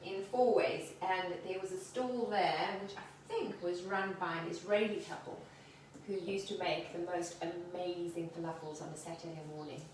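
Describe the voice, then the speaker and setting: A woman's voice: lowish voice, normal speed, distant mic, slight background noise. A woman chats through a cooking demo and wanders happily off into stories. Her voice sits some way from the mic and rings around a hard, echoey room, with faint ambience underneath. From South Africa. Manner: chatty, rambling, laughs easily. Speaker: home cook hosting a cooking video. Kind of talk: casual cooking demonstration and chat. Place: home kitchen.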